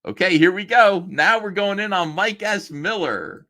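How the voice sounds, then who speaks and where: A man's voice: sits high, expressive, a little slow, sharp tone. A man casually reading old messages aloud on a stream and mocking them with a sarcastic, laughing manner. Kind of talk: casual commentary on a live stream.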